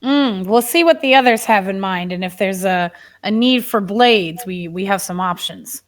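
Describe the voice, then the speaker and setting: A woman's voice: mid-range voice, normal speed. A woman plays her character at a tabletop game, chatty and upbeat. She sounds playful and easy to follow. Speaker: player. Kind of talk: in-character tabletop role-play.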